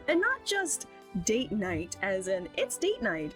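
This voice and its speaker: A woman hosts a game stream in a relaxed, unhurried way, sliding her pitch high and low as she talks. She breaks into giggles and pokes fun at herself between remarks. Faint game music plays underneath. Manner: giggly, self-deprecating asides. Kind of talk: casual let's play commentary.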